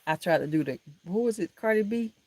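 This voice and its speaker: A woman hosts a relaxed live stream from a room in her home, talking into her laptop's built-in mic. She chats warmly with her viewers, calling them honey and baby and laughing easily. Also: mid-range voice, quick pace, no echo. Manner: chatty and affectionate, calls viewers honey and baby, laughs often. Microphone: laptop camera mic.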